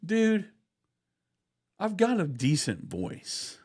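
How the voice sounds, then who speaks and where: A man's voice: sits high, wildly swooping pitch, drawn-out words, a little mellow. A man hosting a casual comedic podcast, joking around and slipping into impressions. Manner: playful, jokey, doing impressions. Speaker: podcast host.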